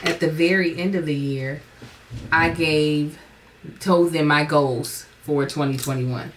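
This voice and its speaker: Chatty low-voiced woman podcaster. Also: steady tone, slow, a little hiss or hum. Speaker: content creator and podcast host. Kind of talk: casual chat.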